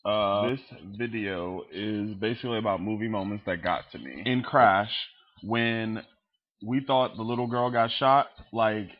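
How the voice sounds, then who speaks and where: His voice is on the low side and his pace is measured, captured in lo-fi sound. The vlogger rants casually about movie scenes to his webcam, cursing freely, staying animated, and mimicking characters.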